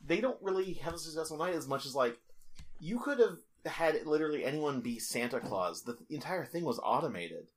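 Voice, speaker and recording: A man's voice: fairly high pitch, animated, brisk, slight background noise. A man co-hosting a podcast, picking apart a movie with sardonic, profane casual chat. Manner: sardonic, swears freely. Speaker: podcast co-host.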